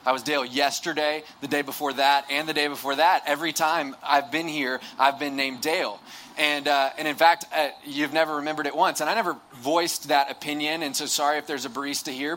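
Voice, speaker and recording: A young man gives a conversational sermon, working a funny self-deprecating story with quick asides and restarts. His voice sits a bit high and comes across bright and pressed. Faint background noise sits under the talk. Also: steady tone. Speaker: campus ministry speaker.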